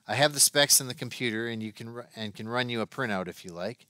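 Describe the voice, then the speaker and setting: A man voicing a careful, apologetic stockbroker who explains things in a measured way. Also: mid-range voice, bright, forceful tone, smooth, no echo, studio quality, close to an everyday voice. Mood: explaining.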